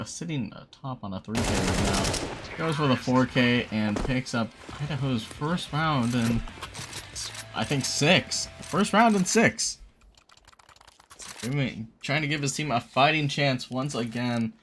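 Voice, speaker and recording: A man's voice: medium pitch, background noise. A man calling a college esports final play by play, his voice jumping up on big plays. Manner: excitable, rises sharply on big plays. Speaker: esports caster. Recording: game gunfire and clicks behind the voice.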